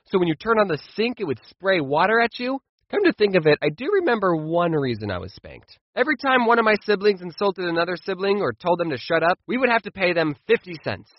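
A man telling comic childhood stories in an animated, playful way, slipping into quoted voices. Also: high voice, brisk, hardly any pauses, no room sound, highs cut off. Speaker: storytime YouTuber. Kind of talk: comedic storytelling.

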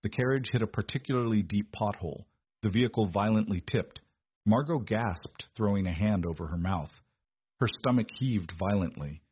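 A man narrating a scripted story in a steady, measured storytelling manner. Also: lowish voice, husky, dry recording, highs cut off.

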